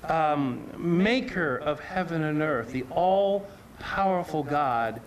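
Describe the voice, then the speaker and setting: A man's voice: a little high, expressive, slow, slight background noise. A man preaching a sermon, earnest and emphatic, often repeating and restarting his phrases.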